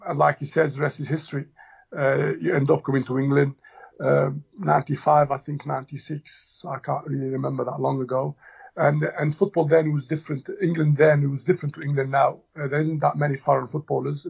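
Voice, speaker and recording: Gravelly hesitant man from Tunisia. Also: fairly high pitch. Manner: hesitant, many fillers and restarts. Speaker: football manager. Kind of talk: relaxed interview chat. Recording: dull lo-fi audio.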